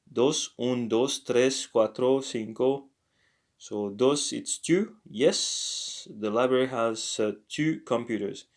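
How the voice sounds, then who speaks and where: Man, language teacher, slow unhurried pace, halting, lots of fillers, corrects himself. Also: mid-range voice. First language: French. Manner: slow, halting, thinks aloud with many fillers and self-corrections. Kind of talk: casual online language lesson.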